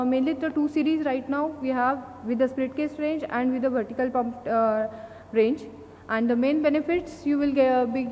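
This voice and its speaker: A woman with an Indian English accent giving a conference presentation, halting often with fillers and restarts. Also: sits high, a little mellow. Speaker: company speaker at an industry event. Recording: long hall reverb, faint noise.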